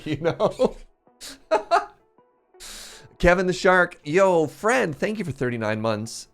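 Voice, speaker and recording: A man live-streaming a game, telling a story in a chatty, animated way and laughing at himself. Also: a little high, slow, long pauses, smooth. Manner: animated storytelling, self-mocking, laughs often. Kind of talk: casual live-stream chat. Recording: faint game music behind.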